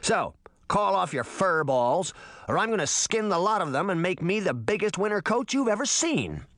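Guy doing a smug trickster kid, taunting, bit higher, lively. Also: moderate pace, dry recording, studio quality, full character voice. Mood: threatening. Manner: mocking, swaggering. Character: cocky boy trickster, taunting and brash.

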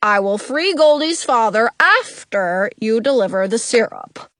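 A woman acts out a tall, imposing storybook king who bellows his orders with pompous grandeur. The delivery is slow and dry, with a high, sweeping voice. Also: animated, a bit bright, dry recording. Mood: commanding.

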